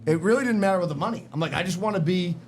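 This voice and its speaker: Fast-talking Boston man spinning yarns. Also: high voice, a little hiss or hum. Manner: profane, emphatic, street-smart. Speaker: podcast guest. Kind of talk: casual storytelling chat. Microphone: podcast microphone in a garage.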